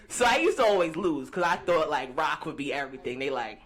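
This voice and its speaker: A woman's voice: low-pitched, big pitch swings, moderate pace. A young woman doing a brash, profane stand-up set, teasing the crowd. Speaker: stand-up comedian. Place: comedy stage before a live audience. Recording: live stage mic with crowd laughter.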